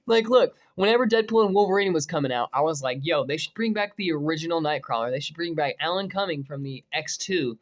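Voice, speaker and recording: Animated, excitable young man vlogger. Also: fairly high pitch, fairly quick, few pauses. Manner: excitable, swears freely, bursts into shouting. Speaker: movie news vlogger. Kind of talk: casual reaction commentary.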